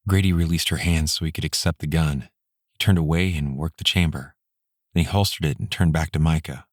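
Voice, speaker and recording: A male audiobook narrator reading in a steady, measured way. His voice is deep and the sound is dry and close, with no room around it. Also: no room sound. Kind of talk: scripted narration.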